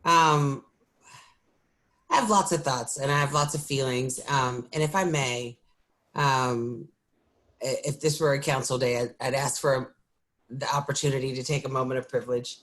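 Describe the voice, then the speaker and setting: A woman city council member speaking on a video call, exhausted and candid, halting with ums and breaking into short laughs as she speaks from the heart. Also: very deep voice, fairly even intonation, a bit bright.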